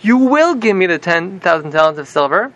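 A man's voice: high-pitched, big pitch swings, fairly quick, a bit bright, muffled recording. A man playing a stern, unyielding king. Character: cold, unyielding male ancient king.

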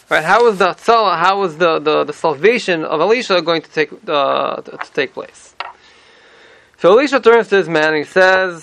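A man leads a Torah class in a high, gravelly voice. He explains with energy, tosses out "right?" after his points, and weaves in Hebrew phrases. The sound is bright and dry, close to the mic. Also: normal speed. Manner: animated explaining, frequent rhetorical "right?"; mixes in Hebrew terms and verse readings. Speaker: Torah teacher.

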